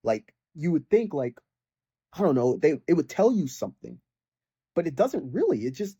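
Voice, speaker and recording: A man's voice: a little high, very animated, normal speed, warm tone, slightly rough, dry recording. A young man ranting casually about a video game, rambling with lots of fillers and mocking the characters in exasperated bursts. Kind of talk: casual rant.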